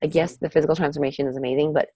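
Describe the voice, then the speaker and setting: A woman's voice: sits low, fairly even intonation, racing, warm tone, no room sound, poor audio. A woman leading a team training over a video call, upbeat and motivational, who keeps saying "you guys" and "seriously".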